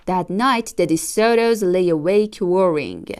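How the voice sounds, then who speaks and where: A woman reading a children's picture book aloud, slow and gentle. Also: mid-range voice, lively intonation, a little hiss or hum. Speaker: storyteller.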